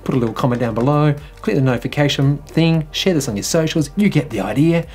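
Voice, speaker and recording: A man's voice: a little high, fast talker, darkish tone, breathy edge, faint music behind. An Australian man hosting a casual electric vehicle news vlog, chatty and jokey with enthusiastic asides.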